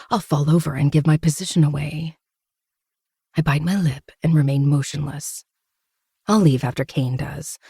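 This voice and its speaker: A podcast host giving a steady, intimate first-person reading of a novel. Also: mid-range voice, vocal fry, husky, no room sound, studio quality. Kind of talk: first-person audiobook narration.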